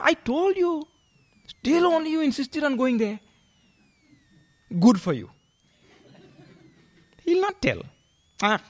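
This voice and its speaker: A man giving a scripture discourse as a spiritual teacher, animated, with questioning tags and chanted verse. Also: extremely high pitch.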